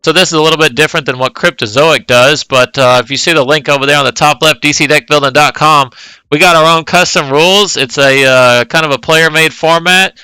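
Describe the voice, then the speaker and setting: A man's voice: a little high, a little fast, sharp tone, smooth, no room sound, poor audio. A man casually commenting live on a tabletop card tournament, calling plays as they happen. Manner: casual, play-by-play calling of moves.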